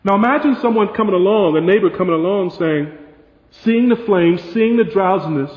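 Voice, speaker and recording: A man preaching a sermon emphatically, building to forceful peaks and dropping to soft asides. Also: high-pitched, brisk. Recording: dull, roomy hall sound.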